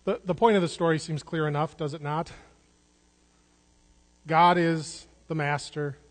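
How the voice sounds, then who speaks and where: A man's voice: on the high side, fairly even intonation, measured pace. A man preaching a sermon in an earnest way, restarting words and repeating phrases for emphasis. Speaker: pastor. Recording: long hall reverb.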